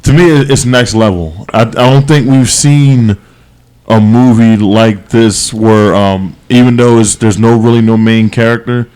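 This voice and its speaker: Lowish guy podcast cohost, rambly, lots of um and like, gets worked up. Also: measured pace, clean tone. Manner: rambling, animated, many restarts and fillers. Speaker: podcast co-host. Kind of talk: casual chat.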